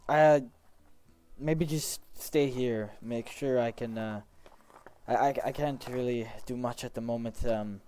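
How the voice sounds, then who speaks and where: A man playing a tabletop game, speaking hesitantly with pauses. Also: mid-range voice, steady tone, warm tone, smooth. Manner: hesitant, tired-sounding in character. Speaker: player. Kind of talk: casual tabletop play, partly in character.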